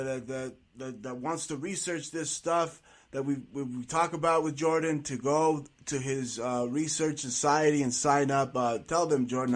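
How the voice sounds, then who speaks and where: A man hosting a casual conversation, agreeing emphatically and filling pauses with "uh". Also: mid-range voice. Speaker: talk show host. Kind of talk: casual radio-style conversation.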